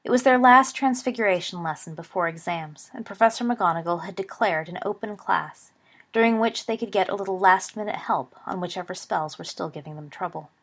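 A woman narrating a story in a steady, even reading voice. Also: medium pitch, brisk.

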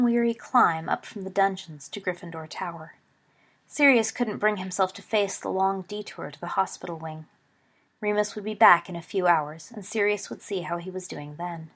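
A woman reading fan fiction aloud as an audiobook, in a steady storytelling manner. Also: mid-range voice. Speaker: audiobook reader.

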